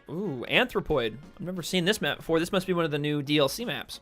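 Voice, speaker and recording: A man's voice: on the high side, fast, soft background music. Eager young man calling game action. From United States. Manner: excitable play-by-play, chatting with stream viewers between calls. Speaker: game caster and streamer. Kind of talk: solo esports-style play-by-play commentary. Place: home streaming setup, seated in a chair.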